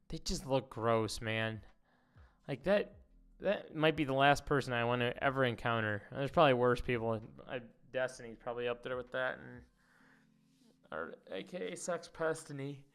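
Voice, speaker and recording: Guy streaming drama commentary, smooth clear voice, rambly and sweary. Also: mid-range voice, moderate pace, fairly bright tone. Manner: rambling, swears, reads posts aloud. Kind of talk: casual commentary livestream.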